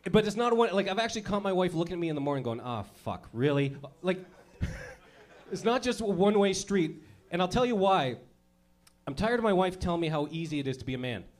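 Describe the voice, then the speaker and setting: A man's voice: high-pitched, animated, fairly quick, long pauses. A man in his thirties doing profane stand-up comedy, working the crowd and laughing at his own jokes.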